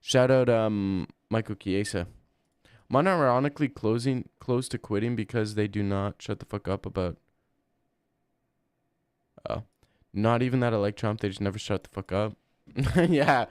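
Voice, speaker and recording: Young guy streaming, crude deadpan chat, lowish smooth voice, dry close mic. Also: normal speed, pauses often, no room sound. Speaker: livestreamer. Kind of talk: casual livestream chat.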